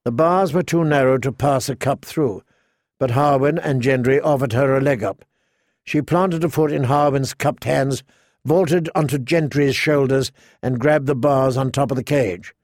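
A man narrating an audiobook in a measured, unhurried, vivid way. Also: mid-range voice, a little mellow, dry recording, clean studio sound. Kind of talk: scripted narration.

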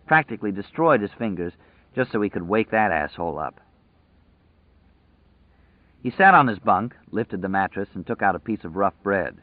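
A man narrating a story in a measured, vivid storytelling manner, over tinny phone-like audio. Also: lowish voice, no room sound. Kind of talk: scripted narration.

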